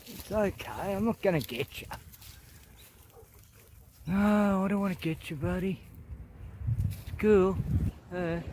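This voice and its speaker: A man's voice: high-pitched, slow, long pauses, a little hiss or hum. A man with an Australian accent chatting casually and coaxingly to koalas and a dog while filming outdoors. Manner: coaxing, talks softly to animals as to a mate. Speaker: vlogger. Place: outdoors in rural bushland.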